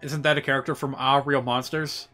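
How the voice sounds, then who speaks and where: Bright, excitable male game streamer. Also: medium pitch, a little fast, soft background music. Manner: excitable, rambling, chatty asides. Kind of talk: casual gaming commentary.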